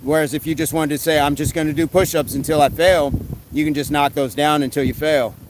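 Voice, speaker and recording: A man hosting a casual live stream, reading comments aloud and giving quick fitness tips in a relaxed way. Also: on the high side, slight background noise, low-quality recording. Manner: relaxed, answers chat questions with quick tips.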